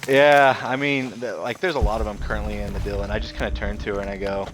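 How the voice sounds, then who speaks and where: A man's voice: on the low side, fairly even intonation, fast. A young man streaming a game, venting a heated, profane story full of fillers like "like" and "I'm like". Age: young adult. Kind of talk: casual venting while gaming. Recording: noisy live stream audio.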